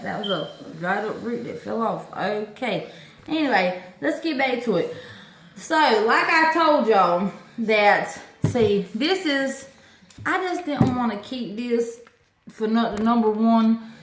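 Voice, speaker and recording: Showing viewers her orchids, this woman keeps the talk casual, full of exclamations and "y'all." She speaks at a measured pace with a highish voice and lively intonation, in an echoey room with slight background noise.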